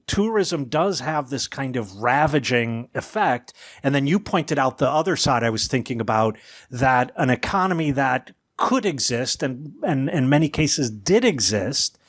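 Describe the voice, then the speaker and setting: A man's voice: mid-range voice, no room sound, clean studio sound. A man co-hosting a podcast, asking thoughtful questions with the occasional wry aside. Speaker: podcast co-host. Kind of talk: academic discussion.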